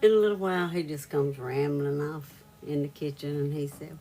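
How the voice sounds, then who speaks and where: A woman's voice: deep voice, fairly even intonation, moderate pace, dark tone. A woman hosting a reiki live stream, telling a story in a casual chat with viewers, laughing often and greeting them by name.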